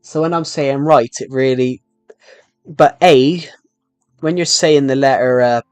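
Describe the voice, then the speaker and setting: Young male streamer, thick rolling-R British regional accent, slow, deliberate and full of restarts, mid-pitched, faint music behind. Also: a little mellow, smooth, no echo. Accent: strong rhotic British regional. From United Kingdom. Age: young adult. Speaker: game streamer. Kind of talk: casual live-stream chat while gaming.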